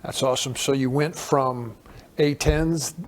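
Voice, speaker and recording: A man's voice: mid-range voice, fairly even intonation, a little slow. Man hosting an upbeat interview. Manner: enthusiastic, prompting questions. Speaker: interview host. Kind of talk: conversational interview.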